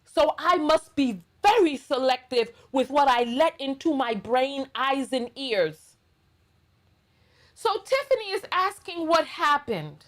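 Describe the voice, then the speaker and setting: A middle-aged woman with a New York accent hosts a commentary channel, delivering a blunt, sassy reaction monologue full of emphatic ranting. Her voice sits high and sing-song, and she speaks slowly.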